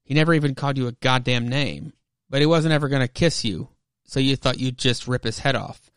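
Teen bully, taunting and loud, dry close sound; a man reads him. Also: mid-range voice, brisk, smooth, dry recording, lightly acted. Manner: taunting, aggressive. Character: hostile teenage boy bully.

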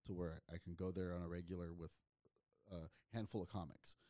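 A man's voice: deep voice, fairly even intonation, fairly quick, dark tone, no room sound, clean studio sound. A man from Northern California, a comedian guest, telling stories in a blunt, direct way with casual cursing. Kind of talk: casual storytelling.

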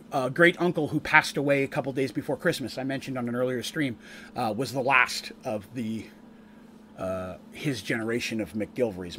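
A man's voice: medium pitch, fairly bright tone, a little hiss or hum. A Canadian-raised man recapping a tabletop campaign on stream in a casual, rambling way, often restarting his sentences. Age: adult, eldest grandchild with a wife. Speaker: game master and streamer.

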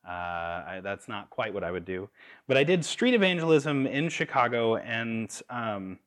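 A young man preaching a sermon in a relaxed, conversational way, with fillers and restarts. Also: medium pitch, unhurried. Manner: conversational with fillers and restarts, laughs at own stories.

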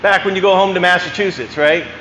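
A man's voice: sits high, fairly even intonation, fast, a bit bright, slight background noise. A man voicing a stubborn old farmer with a Maine accent, drawling and dryly teasing, in an echoey church hall. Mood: sly.

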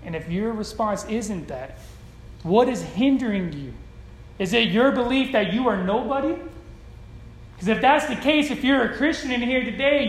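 Roomy-sounding casual preacher. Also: mid-range voice. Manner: conversational preaching with casual slang, swinging loud and soft. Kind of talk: sermon. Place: church hall with a congregation. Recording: roomy hall echo.

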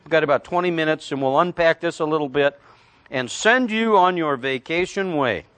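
Man preaching a slow-emphasis sermon. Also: a little high, a bit bright, dry recording. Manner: storytelling, slows right down on key phrases. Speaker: pastor.

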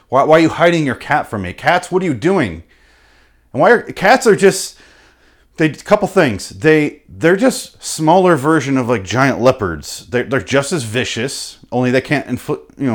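A man riffing through an unscripted comic monologue, profane and animated, with sudden loud bursts. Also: medium pitch, normal speed. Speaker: comedian host.

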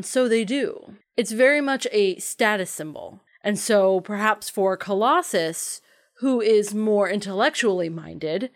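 A woman co-hosting a podcast in a casual, chatty film discussion. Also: mid-range voice. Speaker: podcast co-host.

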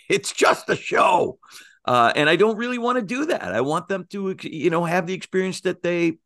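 A man's voice: sits high, brisk, no room sound, clean studio sound. A man talking as an interview guest, rambling and correcting himself as he tells stories. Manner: rambling, self-correcting, animated storytelling. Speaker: guest, magician. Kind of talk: conversational interview.

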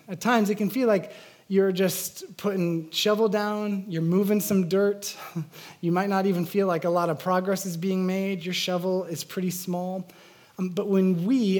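A male pastor preaching a sermon in a relaxed, conversational way. He talks earnestly and stops to restart his thoughts, with plenty of fillers along the way. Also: sits high.

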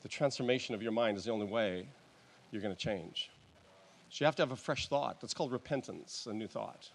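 A male pastor preaching a sermon in a church, in a conversational, halting way with restarts and soft chuckles. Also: lowish voice, vocal fry.

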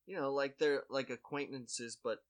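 A man's voice: medium pitch, steady tone, normal speed. A man telling a story in casual chat, rambling with lots of "like" and restarts and poking fun at himself. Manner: rambling, full of "like" and restarts, self-mocking.

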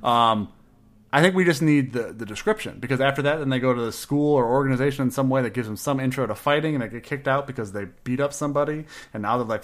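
A man of middle pitch co-hosts a relaxed podcast from his desk at home. He talks in a playful, rambling way and breaks into laughter often. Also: quick pace. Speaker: podcast co-host. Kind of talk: casual chat building a game character.

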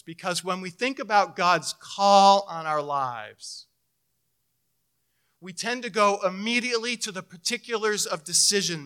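A middle-aged man preaching a sermon as pastor, telling a personal story and swinging between loud emphasis and hushed, intimate moments. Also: high-pitched, clean tone.

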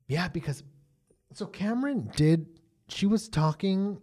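A man co-hosting a casual chat podcast, chatty and quick to laugh. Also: high-pitched. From US South. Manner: chatty, animated, laughs easily. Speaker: podcast co-host.

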